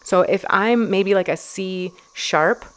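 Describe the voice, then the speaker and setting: A woman's voice: mid-range voice, takes it slowly, clean tone. A woman hosting her own podcast, talking alone in a chatty, rambling way with many fillers and restarts. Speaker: podcast host. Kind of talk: casual solo podcast talk.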